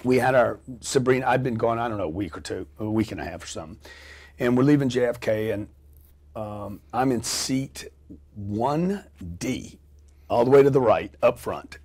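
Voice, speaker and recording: A middle-aged man telling a story as a guest on an interview show, animated and profane, acting out scenes with sound effects and quoted voices. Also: mid-range voice, moderate pace.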